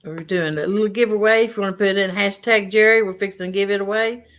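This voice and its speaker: A woman's voice: medium pitch, fairly even intonation, fast, fairly bright tone. A woman hosting a casual fishing livestream, reading out chat names and greeting viewers. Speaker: livestream host.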